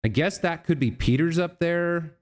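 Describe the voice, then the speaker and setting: A man with a slightly high voice at normal speed hosts a let's play, musing over a puzzle as he plays. He often corrects himself and speaks to the figures on screen.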